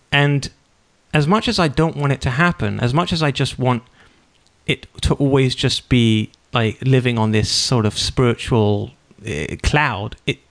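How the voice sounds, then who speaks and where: A man in his thirties hosting a podcast, telling a personal story in a casual, animated way and acting out the quotes. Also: medium pitch. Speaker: podcast host.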